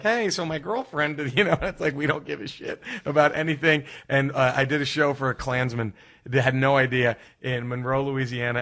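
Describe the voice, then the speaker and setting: A man, a comedian guest, telling road stories with lively acted-out quotes. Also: medium pitch. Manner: animated storyteller who acts out quotes. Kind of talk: storytelling in casual chat.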